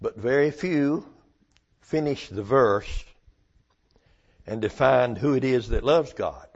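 Slow emphatic preacher guy, gravelly voice, kinda muffled recording. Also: medium pitch. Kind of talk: sermon.

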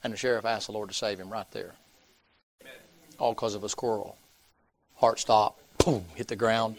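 A man's voice: on the low side, fairly even intonation, normal speed, long pauses. A man, preaching by telling a folksy story and acting out the people's voices. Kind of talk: sermon storytelling.

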